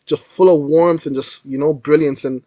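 A man's voice: on the high side, moderate pace, dry recording. A young man, a guest artist, telling a story in a casual, slangy interview style. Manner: animated storyteller, slangy with frequent "yo" and "like".

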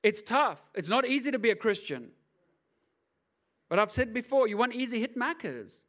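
A high, bright-voiced man preaching with big swings in pitch. He jokes and acts out little scenes as he goes, lively and animated throughout a sermon. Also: moderate pace. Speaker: pastor.

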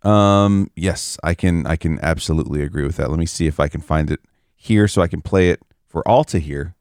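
Very deep-voiced casual podcast host man. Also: fairly quick, darkish tone, clear, resonant tone, no room sound, studio quality. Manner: loose, swears casually. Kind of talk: casual chat.

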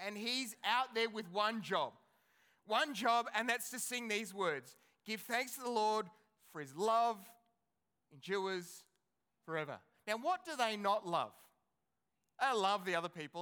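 Guy preaching a sermon, high bright voice, chatty, keeps asking the crowd questions. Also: normal speed, clean tone. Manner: animated, conversational preaching with rhetorical questions to the congregation. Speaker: pastor.

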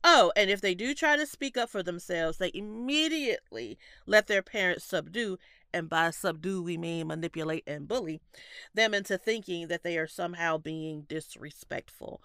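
A woman's voice: lowish voice, moderate pace, smooth, no room sound, clean studio sound. A woman in her thirties co-hosting a podcast in casual chat, congested from allergies, laughing often as she tells stories. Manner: laughs often, animated storytelling. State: congested, stuffy nose. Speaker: podcast co-host.

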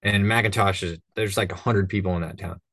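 Recorded cleanly in a studio with no echo, a low-voiced man speaks a little fast with fairly even intonation and a fairly bright tone. He's a hunting guide from northern Minnesota, rambling through stories and doing voices in a relaxed podcast conversation.

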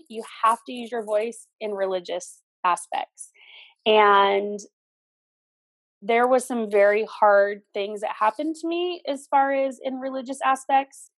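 Middle-aged woman, earnest podcast guest, slightly high pitch, dry close sound. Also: dry recording. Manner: earnest, emphatic, repeats phrases for stress. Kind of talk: personal storytelling interview.

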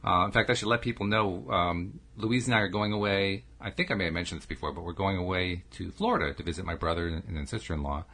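Husky low-voiced male podcast host. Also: steady tone, quick pace, hardly any pauses, bright, forceful tone. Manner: chatty, storytelling, laughs often. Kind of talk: casual podcast chat.

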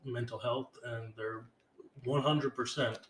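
A tired, run-down young man co-hosts with a deadpan, sarcastic, mumbly delivery. He is recorded in an echoey room, with faint noise beneath his voice. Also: mid-range voice, takes it slowly. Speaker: podcast co-host. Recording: roomy with faint background noise.

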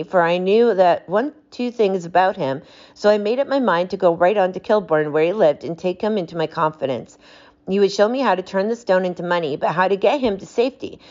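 A woman's voice: lowish voice, a little mellow, lo-fi sound, natural voice. A woman reading aloud, voicing a frightened male thief who pleads and confesses in desperation.

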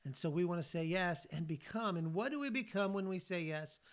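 A man's voice: sits high, a little fast. A man in his sixties from California hosts a faith podcast, telling personal stories in an earnest, folksy way. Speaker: podcast host and ministry leader.

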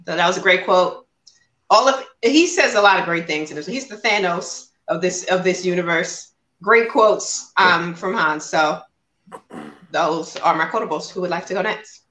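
A woman's voice: fairly low pitch, normal speed, bright, forceful tone, reverberant, rough recording. A woman co-hosting a podcast, chatting casually about a movie in an upbeat, organized way. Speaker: podcast co-host.

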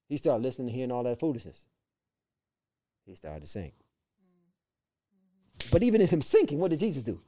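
A man's voice: mid-range voice, wildly swooping pitch, a little fast, long pauses, warm tone. A man co-hosting a faith talk show, preaching fervently in a repetitive, rhythmic cadence. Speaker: podcast co-host.

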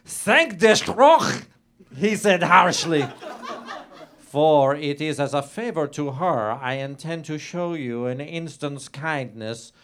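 A man's voice: animated, takes it slowly, a bit bright, full character voice. A man voicing a lecherous, pompous French nobleman with a put-on French accent and broken English, reading aloud theatrically. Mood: dramatic reading. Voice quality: broken English, florid and lip-smacking. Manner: reads aloud theatrically, switching to a high pleading voice for the victim. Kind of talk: improvised comedy podcast character.

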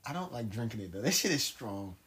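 Young dude talking with his boys, blunt, cuts in a lot, bright voice that bounces around. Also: on the low side, sing-song. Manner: blunt, quick to cut in and correct. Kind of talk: casual chat among friends.

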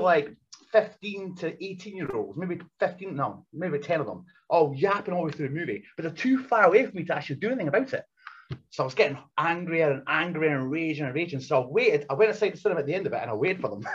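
A man telling animated stories in casual chat, slipping into voices for the people in them. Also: fairly high pitch, quick pace, breathy edge. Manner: animated, acts out voices in anecdotes. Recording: dull lo-fi recording.

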